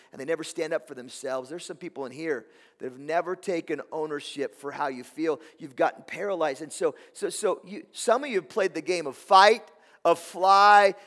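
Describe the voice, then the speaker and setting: A man's voice: a little high, a bit bright. A man preaching a sermon as pastor, impassioned, repeating words and asking the congregation questions. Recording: long hall reverb.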